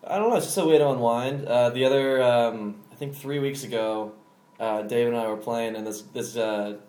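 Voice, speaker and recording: An American man talking as a guest in a casual chat. He is laid-back and hesitant and fills his pauses. His voice is middle in pitch and sounds echoey in the room. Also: a little mellow. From United States.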